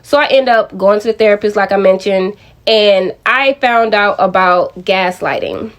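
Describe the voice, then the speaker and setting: A woman's voice: mid-range voice, moderate pace. A young adult woman telling a personal story to her viewers in a casual, chatty way, often addressing them directly. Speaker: vlogger.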